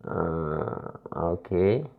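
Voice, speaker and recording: A man teaching English pronunciation, dictating slowly and repeating words as he writes on a whiteboard. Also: low-pitched, vocal fry, phone-quality sound. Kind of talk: classroom lesson at a whiteboard.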